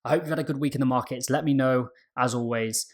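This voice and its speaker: A man's voice: mid-range voice, steady tone, fast talker. A man talking to camera as a trading vlogger, giving an emphatic motivational talk that keeps repeating mantras and checks in with "okay?".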